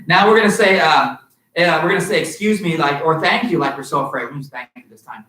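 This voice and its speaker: A man's voice: fairly high pitch, fast talker, bright, forceful tone. An upbeat man leads a children's martial arts class, coaxing and cheering the kids along. His voice sits back from the microphone. The studio around him rings with echo. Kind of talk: live-streamed kids' class teaching. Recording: roomy sound from far off.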